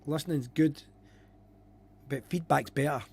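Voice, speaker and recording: Man, casual live stream chat, repeats himself, fairly high pitch. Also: unhurried, gravelly, a little mellow, husky. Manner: chatty, repeats himself, reads out viewer comments. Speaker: podcast co-host.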